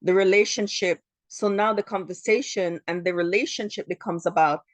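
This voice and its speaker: A woman's voice: mid-range voice, normal speed, dry recording. A woman from Jamaica who works as a therapist, hosting a solo podcast and explaining ideas earnestly, often repeating words as she goes.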